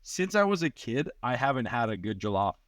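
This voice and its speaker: Casual profane comedian. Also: male voice, medium pitch, big pitch swings, a little fast, a bit bright, dry recording, studio quality. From Richmond Hill, Ontario, Canada. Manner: loose and profane, heavy on "like" fillers. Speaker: comedian guest. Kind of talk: casual podcast storytelling.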